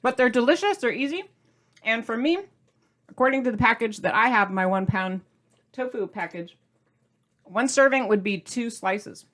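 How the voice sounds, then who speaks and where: A woman's voice: a little high, normal speed, pauses often, a bit bright. A middle-aged woman hosting a cooking video, chatting in a gushing, bubbly way and sometimes talking while eating. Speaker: cooking channel host. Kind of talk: casual cooking demo chat.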